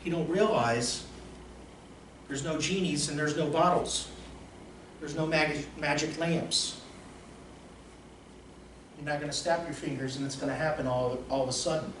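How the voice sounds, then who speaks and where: Man, motivational coach, emphatic, repetitive, high-pitched voice, echoey distant sound. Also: unhurried, long pauses. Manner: emphatic, repetitive, swings between soft and loud. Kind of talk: motivational speech with stories. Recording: roomy echo, distant mic, faint noise.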